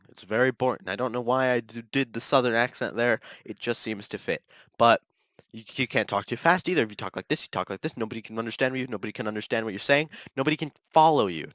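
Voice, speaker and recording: A man's voice: medium pitch, a bit bright, no echo. A man hosting a solo podcast, ranting in a restless, self-correcting way. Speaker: podcast host.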